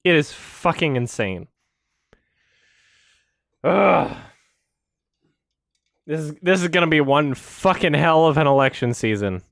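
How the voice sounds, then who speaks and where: A man's voice: a little high, lively intonation, takes it slowly, gravelly, pauses often, a bit bright, no room sound, clean studio sound. A man from Canada, ranting on a livestream in a heated, profane, emphatic way. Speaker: streamer. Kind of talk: angry livestream rant.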